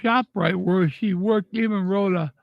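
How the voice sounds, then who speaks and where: A tearful older man with a high, gravelly voice speaks slowly, stumbling and repeating words in anger and grief. The sound is dull and lo-fi, close and dry. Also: dry recording. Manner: halting, repeats words, angry and grieving. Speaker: vlogger. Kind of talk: emotional personal monologue.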